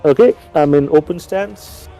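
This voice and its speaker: A man's voice: fairly high pitch, a little slow, mellow, soft background music. A man playing a tabletop role-playing game, talking in a hesitant, casual way full of fillers. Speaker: player.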